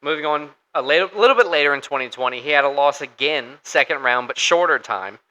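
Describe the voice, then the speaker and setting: A man's voice: fairly high pitch, expressive, a little fast, sharp tone, highs cut off. A man co-hosting a casual sports podcast, talking through fight picks in a loose, conversational way with fillers and restarts. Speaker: podcast co-host.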